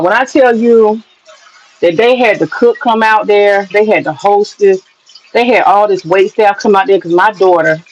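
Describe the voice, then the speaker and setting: A woman's voice: mid-range voice, highs cut off, slight background noise. Woman cooking vlogger, casual and profane, tells long stories while cooking. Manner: chatty, profane storytelling. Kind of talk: casual cooking vlog chat.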